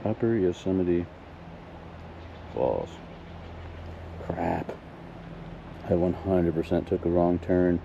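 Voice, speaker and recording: A man's voice: low-pitched, slow pace, creaky, long pauses, mellow, lo-fi sound, slight background noise. A man live-streaming a hike on an outdoor trail, chatting with viewers and thinking aloud in a casual, self-deprecating way. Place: outdoor hiking trail in a wooded valley.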